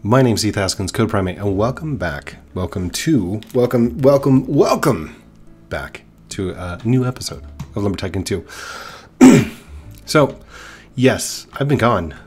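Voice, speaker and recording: A man's voice: on the low side, animated, measured pace, darkish tone, soft background music. A young man with a stuffed-up nose giving rambling, nervous casual commentary while playing a game. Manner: chatty, rambling, nervous and self-deprecating. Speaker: gaming YouTuber.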